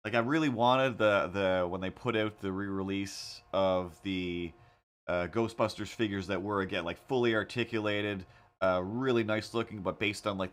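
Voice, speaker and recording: A man with a fairly low voice chats casually on his livestream as he draws. He tells rambling, animated stories full of fillers and restarts, talking into a desk mic at home. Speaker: livestream host. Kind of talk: casual livestream chat while drawing.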